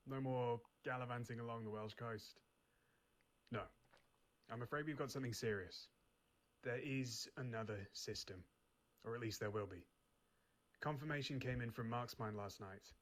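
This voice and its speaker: An actor playing a male spy chief briefing an agent in a game, in a brisk, clipped, matter-of-fact way. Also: mid-range voice, a bit bright, close to an everyday voice. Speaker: game character. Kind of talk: scripted game dialogue.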